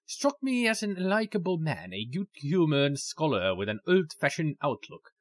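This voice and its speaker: A man reading as a reserved gentleman narrator. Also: on the high side, sing-song, moderate pace, no room sound, voice pushed up. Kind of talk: reading game narration aloud.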